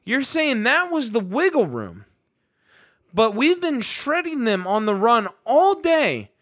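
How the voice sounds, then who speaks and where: A man co-hosting a sports podcast, heated and ranting, his voice rising into incredulous outbursts. His voice sits high and sounds bright and forceful. The recording is dry and close, with no room sound. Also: huge pitch swings, takes it slowly, dry recording. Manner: fired-up, ranting, rising to shouts of disbelief. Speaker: podcast co-host.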